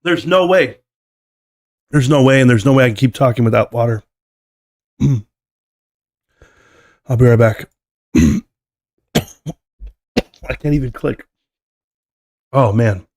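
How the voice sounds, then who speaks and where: A man's voice: mid-range voice, takes it slowly, pauses often, a little mellow, no room sound. Coughing man host, dry close sound. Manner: rambling, coughs and clears throat often. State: sick, coughing and hoarse. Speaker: live stream host. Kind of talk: casual live-stream commentary.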